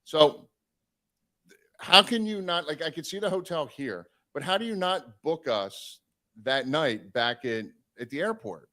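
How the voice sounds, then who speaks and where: A man casually telling a long road story on a live stream, animated and swearing, acting out the people he quotes. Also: on the high side, unhurried.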